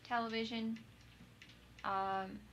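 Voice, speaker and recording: A woman's voice: a little high, flat delivery, takes it slowly, fairly bright tone. A mother chatting casually about her child, listing things off one by one. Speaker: parent of an implanted child. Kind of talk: casual conversation. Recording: noisy old video recording.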